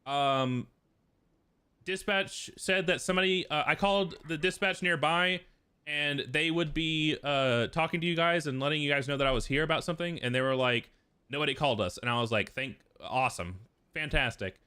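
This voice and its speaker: A man's voice: on the high side, normal speed, bright, forceful tone, clean tone. A young man casually telling a long, rambling story, swearing often and filling it with "like". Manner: profane, rambling, full of fillers. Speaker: streamer.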